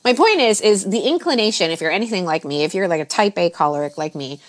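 A mindset coach chats casually on a podcast, offering advice at a quick pace and breaking into laughter mid-sentence again and again. Her self-quotes come out in high, exaggerated voices, while her talk of calming down drops soft and low.

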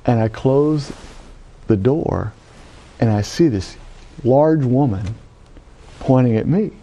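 Dark-voiced man telling a lively personal story. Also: mid-range voice, slow pace. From Louisiana. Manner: animated storytelling, acts out quoted voices, frequent "right?". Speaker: Catholic priest telling his vocation story. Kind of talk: personal testimony talk.

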